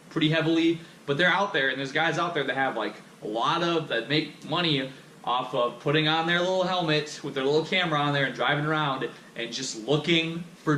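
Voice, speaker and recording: A man's voice: mid-range voice, sharp tone. A young man ranting in a casual monologue, swearing constantly and sounding heated and exasperated, recorded on an action camera. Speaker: vlogger. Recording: echoey room, faint background noise.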